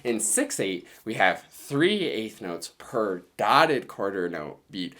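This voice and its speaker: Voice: medium pitch, very animated, takes it slowly, few pauses, fairly bright tone. A music teacher giving a children's lesson, counting beats aloud and cheering the listener on.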